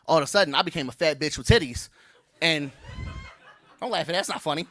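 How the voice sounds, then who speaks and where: A man's voice: on the high side, expressive, a little fast, pauses often, bright, forceful tone, dry recording. A man in his thirties doing a brash, playful stand-up comedy set on stage, teasing the crowd.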